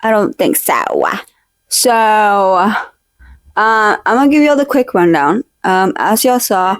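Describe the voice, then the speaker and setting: A woman's voice: medium pitch, lively intonation, measured pace, no room sound. A young woman vlogging from her decorated room at home, chatting casually into a close desk mic, rambling and jokey, full of fillers and teasing fake-outs. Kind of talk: casual chat. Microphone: own desk mic, held close.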